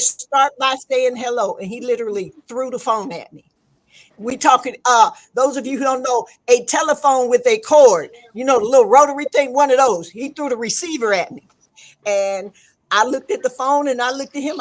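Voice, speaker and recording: High-voiced laughing woman storyteller. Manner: lively, laughing storyteller, acts out voices in her stories. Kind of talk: casual storytelling chat.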